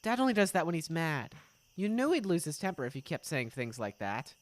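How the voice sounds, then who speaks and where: Resigned older brother, quiet and pleading, soft voice voiced by a woman. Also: low voice, big pitch swings, fairly quick. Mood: worried. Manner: subdued, pleading.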